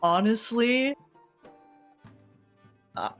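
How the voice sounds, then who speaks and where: Slow, dry-spoken woman player. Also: on the high side, sing-song, faint music behind. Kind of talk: tabletop role-play.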